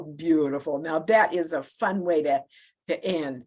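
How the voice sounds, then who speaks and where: A woman moderating an online discussion and closing it, halting with many fillers and repeated words. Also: low voice, a little mellow. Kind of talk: closing remarks on a video call. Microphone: video call.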